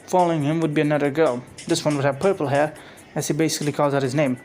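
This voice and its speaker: A man's voice: fairly high pitch, steady tone, fast talker, few pauses, darkish tone, rough recording. A man casually reading aloud his own fan-made story, rambling with frequent restarts and self-corrections. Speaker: fan fiction narrator. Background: music.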